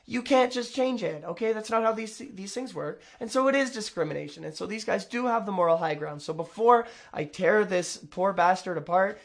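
A man's voice: high-pitched, lively intonation, fairly quick, creaky, hardly any pauses. A man commenting casually on a video, rambling and sarcastic, often correcting himself mid-sentence. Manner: rambling, self-interrupting, sarcastic asides.

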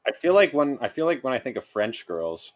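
A man's voice: mid-range voice, big pitch swings, a little fast, no room sound. A man co-hosting a podcast, dropping dry, provocative quips into crude banter.

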